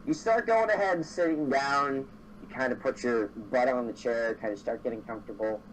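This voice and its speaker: A man's voice: medium pitch, moderate pace, slight background noise, low-quality recording. A man running a tabletop game as game master, narrating casually with a lot of restarts. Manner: casual, rambling, laughs often.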